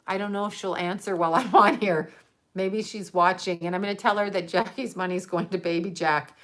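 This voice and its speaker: A woman's voice: mid-range voice, fairly even intonation, fairly quick. A woman hosting a casual livestream, chatting and rambling with frequent laughs. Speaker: livestream host.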